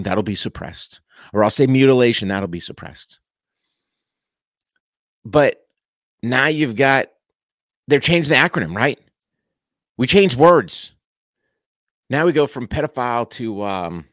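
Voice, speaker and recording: A man delivering an impassioned, preachy monologue straight to his viewers, punching key words with sudden pitch jumps and dropping into casual slang. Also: no echo, clean studio sound. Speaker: political commentator addressing viewers. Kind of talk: impassioned direct-to-camera monologue.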